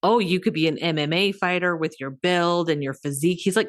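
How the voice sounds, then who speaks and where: A woman's voice: fairly low pitch, fairly quick. A woman co-hosting a podcast, animatedly retelling a film's scenes in casual chat. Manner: animated retelling with quoted voices. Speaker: podcast co-host. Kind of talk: casual movie discussion.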